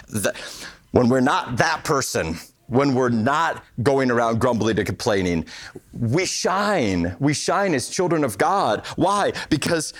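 A middle-aged man preaching a sermon in a conversational, animated way, acting out little quotes. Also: medium pitch.

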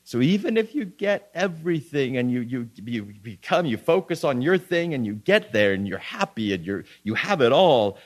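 Earnest man preaching a sermon. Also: mid-range voice. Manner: earnest, repeats and restarts phrases, reads scripture aloud.

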